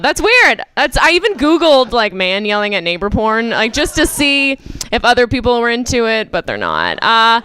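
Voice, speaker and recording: A woman from Canada doing a stand-up comedy set, telling a story loudly with quick asides. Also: a little high, noisy background. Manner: animated, loud storytelling with asides.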